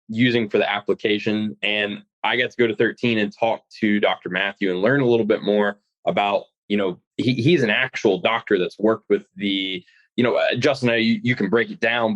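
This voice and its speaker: A man co-hosting a fishing podcast, talking in a relaxed way with many fillers. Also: on the low side, highs cut off. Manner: relaxed, filler-heavy talker. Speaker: podcast co-host. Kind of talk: casual chat.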